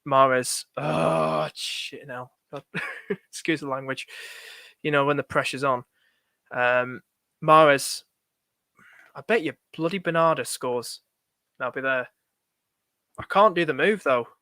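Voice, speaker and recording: A man's voice: mid-range voice, slow, long pauses, sharp tone, dry recording, clean studio sound. A young man on a live stream, thinking aloud in a chatty, anxious way and talking to his viewers. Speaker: fantasy football streamer.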